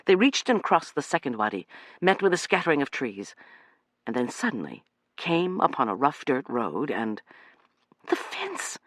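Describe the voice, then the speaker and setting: Expressive male audiobook narrator. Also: medium pitch, moderate pace, dry recording.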